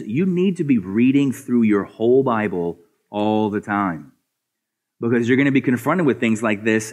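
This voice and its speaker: A pastor preaching a sermon in an earnest, persuasive way. His voice sits at a middle pitch for a man. He drops low and quiet for asides, then climbs higher and louder to press a point, often repeating words as he goes. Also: breathy edge. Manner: swings between soft, low asides and raised, higher emphatic passages.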